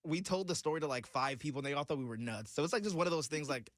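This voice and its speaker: A man on a radio morning show telling a story in a casual, animated way and often breaking into laughter. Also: on the high side, racing, no room sound, clean studio sound. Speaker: radio co-host. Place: radio studio.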